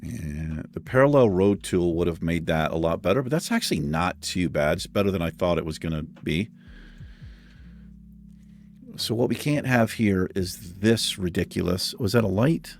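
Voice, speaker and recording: Low-voiced man doing game commentary. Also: lively intonation, normal speed, gravelly, soft background music. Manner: joking, self-deprecating, chuckles often. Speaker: gaming channel host. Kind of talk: let's play commentary.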